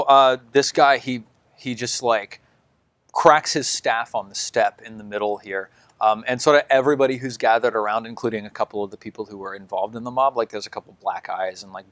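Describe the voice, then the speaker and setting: A man's voice: fairly low pitch, moderate pace, fairly bright tone, dry recording. A man narrating as dungeon master in a loose, filler-heavy way. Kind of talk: narrating a tabletop game.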